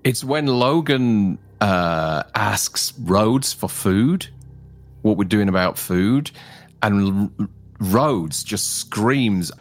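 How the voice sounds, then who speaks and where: Fields: Sex: man. Pitch: low, lively. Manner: enthusiastic. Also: extremely slow. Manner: enthusiastic, filler-heavy. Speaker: co-host. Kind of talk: casual film discussion.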